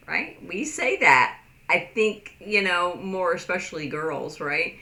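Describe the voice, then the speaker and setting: A woman giving a casual sign language lesson, rambling with lots of fillers and acting out quoted lines in a higher voice. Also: measured pace, vocal fry, sharp tone, roomy sound.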